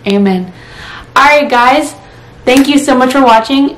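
A woman in her twenties who talks casually and earnestly about faith, with frequent pauses, then prays aloud. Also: high-pitched, steady tone, fairly bright tone, slight background noise. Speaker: Christian vlogger. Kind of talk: casual devotional talk and spoken prayer. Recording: roomy echo.

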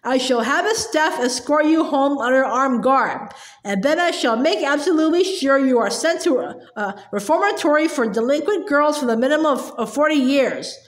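A woman's voice: high-pitched, expressive, moderate pace. A woman voicing a furious, ranting female headmistress who roars threats, in an echoey room. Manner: roaring, threatening.

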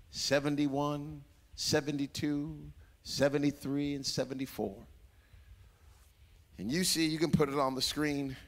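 A man's voice: fairly high pitch, fairly bright tone, long reverb tail. A man preaching a sermon as pastor, dramatic and acting out voices, repeating phrases for emphasis. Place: church sanctuary.

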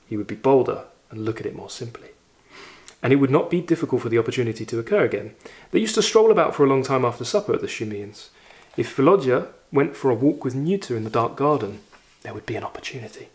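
A man reads a classic short story aloud, lifting his voice for the quoted lines. Between passages he slips into reflective, conversational commentary. His pitch sits in an ordinary middle register. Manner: expressive reading, raises voice for quoted lines, reflective asides. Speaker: literature teacher reading aloud.

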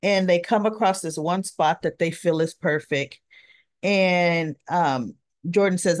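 A woman's voice: on the low side, slow, no room sound. Chatty woman recapping soaps, dry close sound. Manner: chatty and opinionated, talks straight to viewers. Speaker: soap opera recap vlogger. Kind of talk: casual recap chat.

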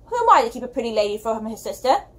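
A woman playing a courtly, dashing young gentleman. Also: a little high, very animated, very fast. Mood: gallant. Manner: smooth, pitying, attempted British accent. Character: dashing, courtly young man, kindly condescending.

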